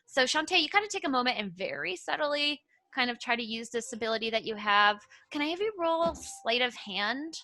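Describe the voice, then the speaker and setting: Bright-voiced woman running a tabletop game. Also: on the high side, expressive, fairly quick, hardly any pauses. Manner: laughing, loose and chatty. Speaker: dungeon master.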